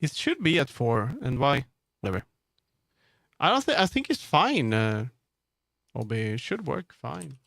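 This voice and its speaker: A man's voice: medium pitch, wildly swooping pitch, a little slow, gravelly, fairly bright tone, no echo, clean studio sound. A man streaming live, chatting casually and muttering to himself as he troubleshoots. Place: home streaming setup.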